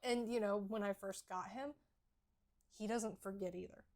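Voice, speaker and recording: A woman co-hosts a relaxed podcast conversation about horses. Her voice carries a gravelly, fry-tinged texture. She talks in an earnest, explanatory way, handing out practical advice. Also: medium pitch, normal speed. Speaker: podcast co-host. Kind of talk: casual horse podcast chat.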